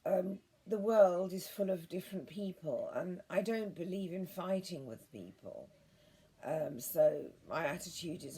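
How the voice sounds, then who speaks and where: A woman talking to her viewers in a gentle, earnest, meandering way, restarting her sentences often. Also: fairly low pitch, unhurried, vocal fry, a little hiss or hum. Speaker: vlogger. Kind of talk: rambling monologue to viewers.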